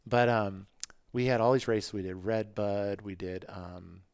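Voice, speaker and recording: Middle-aged man, lowish voice, dry close sound, casual animated storyteller who acts out his own thoughts. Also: unhurried, creaky, clean tone, no echo. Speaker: podcast guest, former motocross racer.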